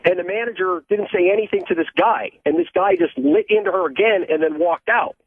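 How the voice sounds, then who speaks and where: A male caller from Ohio on a tinny, dry phone line. His voice is high, husky and lively in pitch as he tells an agitated, profane story. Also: brisk, no room sound.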